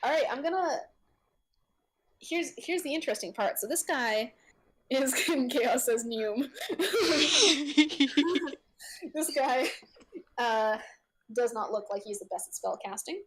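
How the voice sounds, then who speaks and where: A woman narrating as game master of a tabletop game. She talks haltingly, with many fillers and frequent laughs. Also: high-pitched, lively intonation, noisy background.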